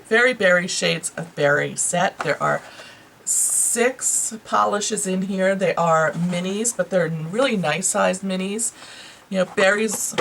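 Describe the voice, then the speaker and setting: A beauty vlogger with a New York accent chats to her viewers, casually and enthusiastically reviewing products she bought and using lots of fillers. Her lowish voice has vocal fry and a fairly bright tone. The rough recording has a little hiss or hum.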